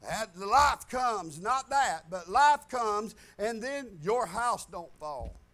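A pastor preaching a folksy sermon to his congregation, moving between loud declarations and quiet asides. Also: sits high, animated, takes it slowly, faint music behind. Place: church sanctuary.

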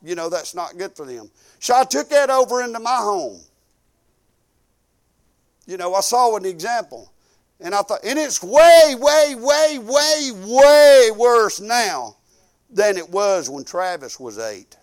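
A man's voice: sits high, sing-song, normal speed, pauses often. An older man preaching a sermon, emphatic and repetitive, telling folksy stories with quoted dialogue.

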